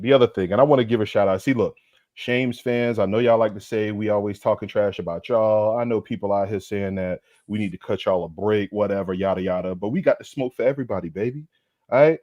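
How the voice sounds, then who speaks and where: Lower-voiced man ranting on a podcast. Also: a little fast, dry recording, lo-fi sound. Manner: animated, slangy, preachy mock lecture. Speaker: podcast co-host. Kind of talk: comedic sports podcast rant.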